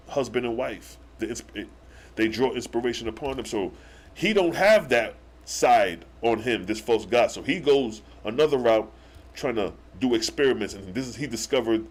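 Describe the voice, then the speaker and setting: A man hosting a live religious stream, reading verses slowly and then breaking into excited slang commentary with rhetorical questions. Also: medium pitch. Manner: challenges the listeners with rhetorical questions. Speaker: religious livestream host. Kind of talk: live scripture teaching.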